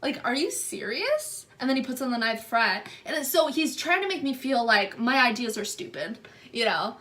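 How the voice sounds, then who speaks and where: A young woman vlogger telling a story to camera, acting out the people in it with animated delivery. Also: a little high, fairly quick. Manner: animated retelling, acts out quotes. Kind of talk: storytime vlog.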